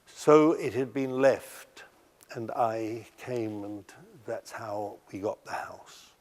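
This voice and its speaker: An older man telling stories from his life in a documentary interview, halting and often restarting his sentences. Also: on the low side, a little mellow, long reverb tail. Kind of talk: recounting memories in a documentary interview.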